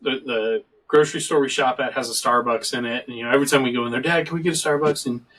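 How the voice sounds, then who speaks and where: A middle-aged man hosts a casual video-call talk show in a podcast-style chat, rambling through joking stories at a quick pace. His voice sits at an ordinary, middling pitch and is a bit bright, and because he sits a little back from his mic, he sounds slightly distant.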